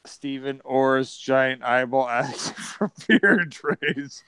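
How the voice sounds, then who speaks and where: A man voicing a stiff male toy robot, speaking in a slow, flat, mechanical way. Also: mid-range voice, clear, resonant tone, no echo.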